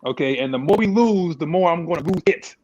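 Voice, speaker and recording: A fairly high-voiced man co-hosting a casual sports talk stream, speaking. He is animated and laughs a lot as he talks. The audio sounds dull and lo-fi. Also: a little fast. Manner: animated, laughs often, drawls. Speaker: co-host.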